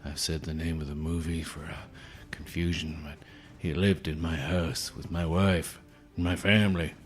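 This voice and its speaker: A man doing a gruff, bewildered American film hero. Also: a bass voice, little pitch movement, moderate pace, faint music behind. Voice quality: rough, gravelly voice. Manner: bewildered, keeps repeating wife and family.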